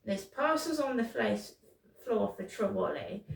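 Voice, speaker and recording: This middle-aged British English-speaking woman, vlogging in pain, rambles profanely with frequent restarts and stumbles in a personal monologue. Her medium-pitched voice has lively intonation, vocal fry and a slightly slow pace, with a roomy sound recorded from a distance.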